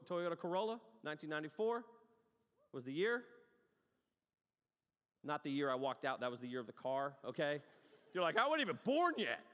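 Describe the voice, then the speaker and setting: A man in his forties preaches with lively storytelling, jumping from loud outbursts to hushed asides. His fairly high voice rings out through a large hall with a long, trailing reverb. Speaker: pastor. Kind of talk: sermon.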